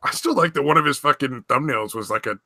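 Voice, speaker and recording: A man's voice: medium pitch, animated, quick pace, bright, forceful tone, no room sound, studio quality. A man co-hosting a podcast, cracking crude jokes and swearing a lot in casual banter. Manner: profane, joking, laughs often. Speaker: podcast co-host.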